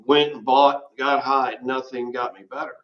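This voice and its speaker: A man recounts a hard personal story as an interview guest, speaking haltingly and stopping often to clear his throat. His voice sits at an ordinary pitch, and the recording is slightly dull and lo-fi. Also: little pitch movement. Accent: Southern American. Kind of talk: candid personal testimony.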